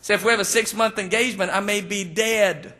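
A pastor delivers a humorous sermon, spinning folksy stories with jokes and acting out the people he quotes. His voice is high, fairly even in intonation, a bit fast, with a pushed, bright quality.

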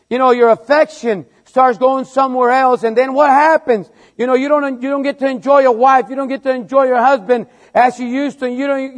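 High-voiced preacher with halting repeats. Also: male voice. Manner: halting, repeats words, rising to emphatic refrains. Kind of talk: sermon.

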